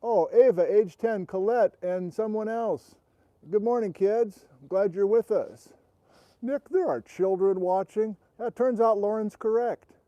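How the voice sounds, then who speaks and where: A man hosts a relaxed livestream outdoors and chats easily as he greets viewers by where they are tuning in from. His voice sits a little high for a man. He speaks into a wireless mic, and the sound is dry, with no room echo. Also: a little slow, muffled recording. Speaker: host. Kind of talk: casual livestream chat. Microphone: wireless transmitter and receiver.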